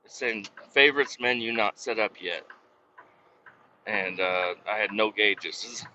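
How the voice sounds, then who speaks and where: A man hosts his own podcast from the cab of a work truck, talking in a loose, rambling way with plenty of cursing and abandoned sentences. His voice is bright and a little tense. The recording sounds dull and lo-fi. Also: on the low side, unhurried, slight background noise. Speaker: podcast host. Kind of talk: casual rambling chat.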